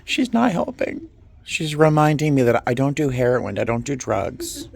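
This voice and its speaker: A man vlogging from inside an antique store, gushing excitedly over finds and often dropping to a whisper to himself. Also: medium pitch, moderate pace, gravelly. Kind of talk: casual vlog commentary.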